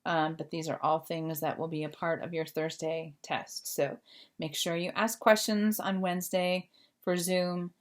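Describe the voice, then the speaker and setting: In a recorded remote class, a woman Spanish teacher walks her students through a grammar lesson, patiently and with lots of fillers. Her voice is lowish and flat, delivered at a measured pace.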